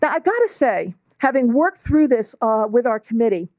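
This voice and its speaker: A middle-aged woman with a New York accent giving a measured, explanatory lecture as a guest speaker, using fillers now and then. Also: fairly high pitch, big pitch swings, a little mellow, no room sound. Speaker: guest speaker, law and bioethics professor. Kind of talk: lecture to a club audience.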